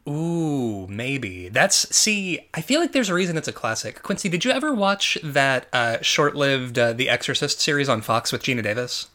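A man's voice: medium pitch, very animated, normal speed, few pauses, bright, forceful tone. A man co-hosting a podcast, talking casually about movies in a rambling way, with lots of fillers and restarts. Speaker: podcast co-host.

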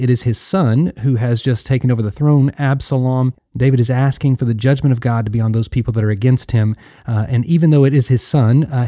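Male pastor, very dark warm tone, dry close recording, earnest devotional podcast host. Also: mid-range voice, no room sound.

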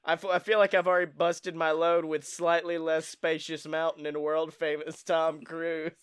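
A man with a higher than usual voice, smooth and resonant, hosting a podcast. He riffs on jokes in a loose, profane, playful way. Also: little pitch movement, moderate pace. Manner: joking, profane, playful riffing. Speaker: podcast host. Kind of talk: casual chat.

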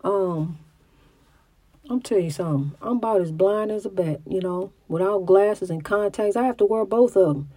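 A woman's voice: mid-range voice, moderate pace, dark tone, no room sound. A middle-aged woman with a country way of talking and a slight stutter, giving a preachy religious testimony and often restarting her words. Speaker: mother.

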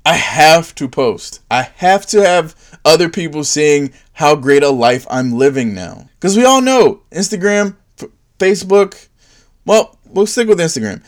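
Animated sarcastic man doing comedy. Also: a little slow. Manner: sarcastic, swings into high mocking put-on voices for bits. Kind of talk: stand-up style comedic monologue.

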